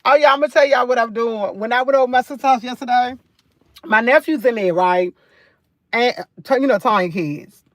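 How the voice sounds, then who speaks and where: A woman's voice: a little high, a little fast, dry recording, highs cut off. Chatty New woman livestreaming. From New York. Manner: chatty, repeats phrases, rambling storytelling. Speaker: livestream host. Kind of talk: casual live chat.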